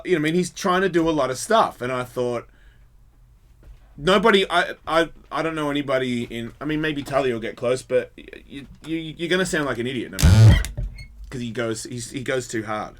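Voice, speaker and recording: Bright-voiced man rambling in studio banter. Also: a little high. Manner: rambling, self-mocking, laughs often. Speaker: guest comedian. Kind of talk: casual radio show banter.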